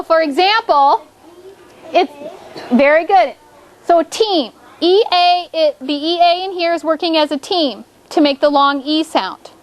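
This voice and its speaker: A woman teacher leading a classroom phonics lesson, upbeat and coaxing, making the drill into a playful points game. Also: sits high.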